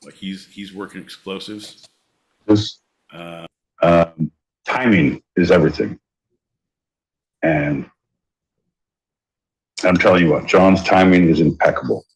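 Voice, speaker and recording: A man's voice: sits low, slow pace, long pauses, poor audio. A man co-hosting a podcast, hyping up his co-host like a showman in casual banter.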